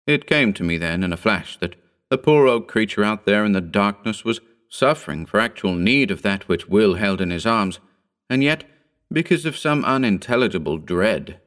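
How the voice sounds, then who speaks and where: A man reads a horror short story aloud, measured and solemn. His voice sits on the low side, and he lets each sentence unfold steadily. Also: lively intonation, fairly bright tone. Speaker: reader.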